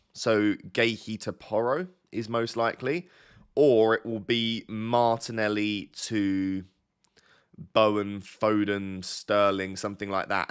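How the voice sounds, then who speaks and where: A man's voice: fairly low pitch, fairly bright tone, clear, resonant tone. A man talking casually on a live stream, rambling and self-deprecating as he thinks aloud to his chat, his voice slightly bunged up. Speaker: fantasy football streamer.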